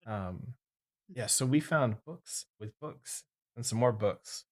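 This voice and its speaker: A man's voice: medium pitch, slow pace. A man playing a tabletop game in casual chat, dreamy and laid-back.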